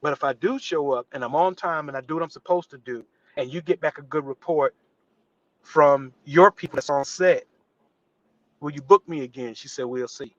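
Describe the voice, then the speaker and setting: A man's voice: fairly high pitch, normal speed, dry recording, dull audio. A man, an actor guest on a live interview show, telling a story and acting out the voices of the people in it. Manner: animated, acts out quotes with voice shifts.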